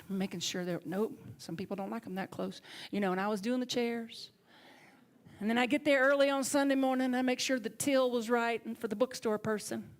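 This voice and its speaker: A middle-aged Southern woman, a minister, delivers a sermon as lively storytelling that now and then sinks into soft, hushed tones. Her voice is mid-range.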